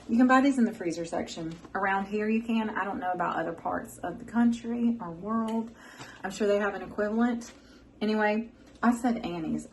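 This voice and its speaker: A young woman, chatting warmly and rambling as she hosts a home cooking vlog, sometimes dropping into soft murmurs. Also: mid-range voice, a little hiss or hum, low-quality recording. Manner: folksy and rambling, drifts into soft emotional murmurs. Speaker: cooking channel host. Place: home kitchen.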